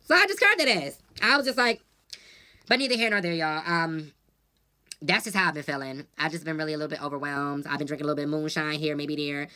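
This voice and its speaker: A woman's voice: low voice, fast, sharp tone. A woman vlogger venting casually to her viewers, blunt and profane, telling stories with lots of animation.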